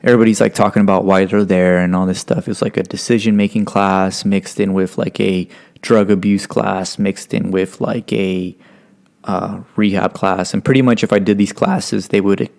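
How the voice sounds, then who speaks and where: Man, low gravelly voice, from stockton, casual profane storytelling, rambling with fillers. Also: steady tone, moderate pace, a little mellow. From Stockton, California, United States. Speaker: podcast guest.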